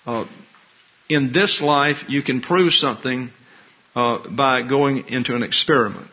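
A man's voice: medium pitch, a little slow. A man pastor giving an expository sermon, teaching in a wry, conversational way with asides. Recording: dull lo-fi recording.

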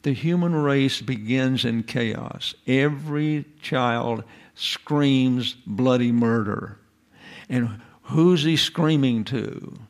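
Gravelly-voiced man lecturing. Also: medium pitch, slow pace. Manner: folksy, digressive, asks rhetorical questions. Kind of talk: informal lecture.

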